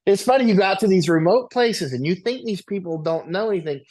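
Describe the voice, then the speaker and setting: His voice sits high and a little mellow, expressive and quick as he rambles through stories as a guest on an interview show. He often checks in with a "right?"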